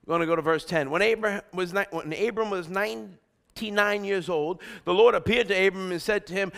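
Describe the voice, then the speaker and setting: A middle-aged man preaching a sermon, energetic and exhorting, calling out lines for the congregation to repeat and shouting emphatic points. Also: high voice, brisk, creaky. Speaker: pastor.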